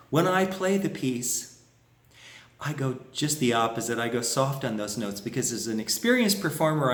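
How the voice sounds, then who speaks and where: Lively, expressive man teaching music. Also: mid-range voice, reverberant, recorded from a distance. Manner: explanatory, lively, hums phrases to show them. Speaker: harmonica teacher and performer. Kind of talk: music lesson with played examples.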